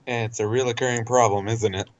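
A man in casual chat while gaming, explaining things with dry, low-key humor. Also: fairly even intonation, quick pace, muffled recording.

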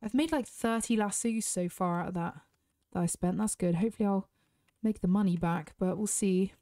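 British woman gamer, casual chatty commentary, close dry sound, mid-pitched. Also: normal speed, dark tone, dry recording. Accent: British English. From Britain. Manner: chatty, talks straight to viewers. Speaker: gaming YouTuber.

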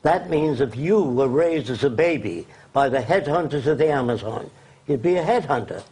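A man's voice: medium pitch, lively intonation, a little mellow, husky. A man giving an interview guest's impassioned, blunt lecture, listing his points one after another. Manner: emphatic, blunt, lists points rapid-fire. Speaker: interview guest, social designer.

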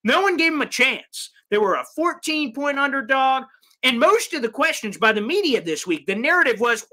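A man hosting a live sports fan recap, reading viewer comments in an animated, rambling way, his voice strained from yelling. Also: extremely high pitch, a little fast. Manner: animated, rambling, mock voices for quoted people. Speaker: sports fan show host.

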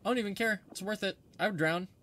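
A man streaming a game, talking casually over it with crude, excitable jokes. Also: high voice, fast talker, a little hiss or hum. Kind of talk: casual commentary over gameplay. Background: game music.

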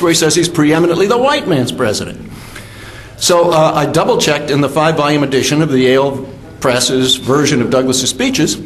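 Older man giving a history lecture. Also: a little high. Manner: measured, with fillers and self-corrections. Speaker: history professor giving a talk. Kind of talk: academic lecture. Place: symposium hall.

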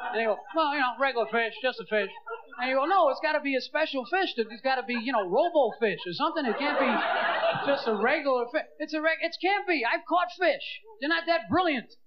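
A man tears through a stand-up routine with a strikingly high voice, acting out the people in his stories. The recording is dull and lo-fi, with a clear hiss under the voice. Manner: fast, animated, acting out voices of people and the movie. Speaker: stand-up comedian.

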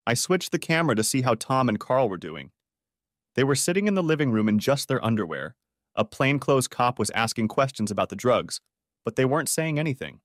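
A man tells a first-person story in audiobook style, with an expressive, dramatic read. His pitch is animated and wide-ranging, and the recording is dry and close on the mic. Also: fairly quick, no echo. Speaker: narrator.

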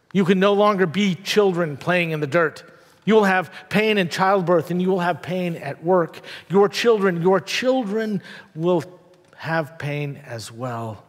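A preacher lending his own voice to God, speaking as a tender, sorrowful parent with a slightly high voice. The words come slow and solemn, and a long church reverb trails after each phrase. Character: gentle parental God sending children away.

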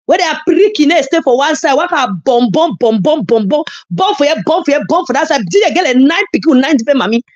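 Loud, fiery Nigerian Pidgin woman ranting. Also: high-pitched, expressive, fast, hardly any pauses, muffled recording. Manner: scolding, insulting, loud emphatic outbursts. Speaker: social media commentator. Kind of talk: heated online rant.

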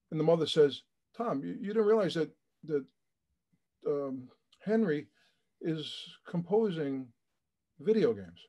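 Middle-aged New man, guest telling an emotional story, acts out the voices in it, sits a bit high in pitch. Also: sing-song, unhurried, long pauses, warm tone. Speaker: charity founder, guest. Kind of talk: animated storytelling.

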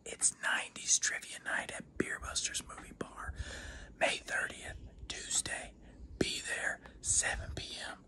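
A woman trivia host making a playful promo announcement in a hushed whisper. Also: measured pace.

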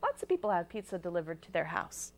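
A woman's voice: on the low side, big pitch swings, quick pace, no room sound. A woman reading picture books aloud to children at a library storytime, sing-song and asking them questions. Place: public library. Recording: local cable TV taping.

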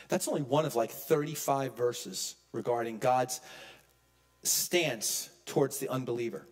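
A man preaching a sermon as pastor, emphatic, swinging from loud peaks to hushed low lines. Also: unhurried. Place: church.

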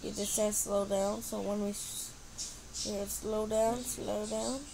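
A woman casually commentating her gameplay, excitably squealing, cheering and talking back at her opponents. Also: mid-range voice, measured pace, vocal fry, background noise. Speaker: gamer commentating her play.

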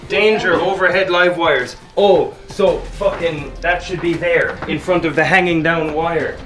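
Young guy vlogging on a road trip, bit high voice, swears a lot. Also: measured pace, soft background music. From Ireland. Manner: excitable, swears freely. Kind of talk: casual travel vlog. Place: outdoors and inside an abandoned train.

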